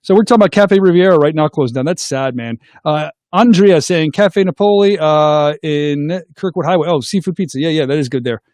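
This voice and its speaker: A middle-aged man, hosting a casual call-in show, goofy and excitable, making silly sound effects. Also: on the high side, fairly quick, few pauses, no room sound. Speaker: host of a call-in livestream show.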